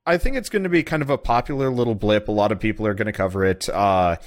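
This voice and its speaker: A young man with a fairly low voice, chatting on a podcast. He talks casually and loosely, with plenty of fillers, restarts and trailing thoughts. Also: quick pace. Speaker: podcast guest, video game streamer.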